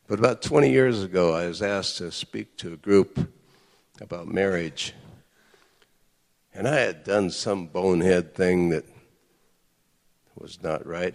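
A middle-aged man telling personal stories in an earnest, conversational sermon to a group of men, with lively outbursts. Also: low-pitched, vocal fry. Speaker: speaker addressing men. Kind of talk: sermon-style personal storytelling. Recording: echoey hall with long reverb.

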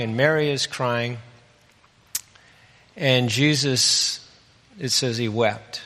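A man delivers a conversational sermon and retells scripture in a relaxed, folksy way. His voice is bright and forward. It carries a long hall reverb, as from a church sanctuary. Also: medium pitch. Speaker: pastor.

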